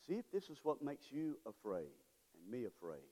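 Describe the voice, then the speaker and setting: A male pastor preaching a sermon with call-and-response, swinging between shouts and low murmurs. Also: very animated, moderate pace, slightly rough. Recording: long reverb of a large hall.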